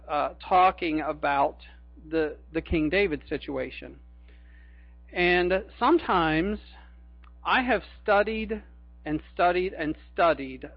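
A man's voice: fairly high pitch, no echo, muffled recording. A man preaching a sermon in a conversational, folksy way, with homey jokes between the scripture.

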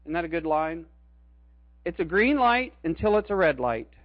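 A man's voice: on the high side, very animated, moderate pace, no room sound, muffled recording. A middle-aged man preaching a sermon as a pastor, earnest and emphatic, repeating his key phrases.

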